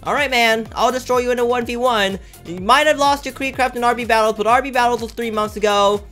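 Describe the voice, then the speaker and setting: High-voiced excitable young gaming man. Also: brisk, soft background music. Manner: excitable, trash-talking, hypes up the action. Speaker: gaming YouTuber. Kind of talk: gameplay commentary.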